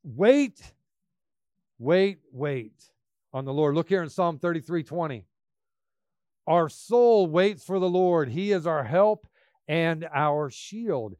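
A man preaching a sermon, emphatic, swinging between loud bursts and quiet asides. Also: on the high side, expressive, slow pace, long pauses, smooth, dry recording, clean studio sound.

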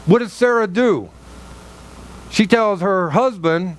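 A man's voice: high-pitched, takes it slowly, pauses often, a little hiss or hum. A man preaching a conversational sermon, joking with his congregation, quizzing them and acting out quotes from the story. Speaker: pastor. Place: church sanctuary.

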